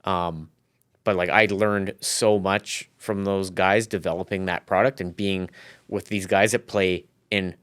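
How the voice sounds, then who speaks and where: Speaking in a low, clean, slightly bright voice with fairly even intonation, a podcast guest talks unhurriedly about his business. The interview is casual, and his sentences ramble loosely and restart often.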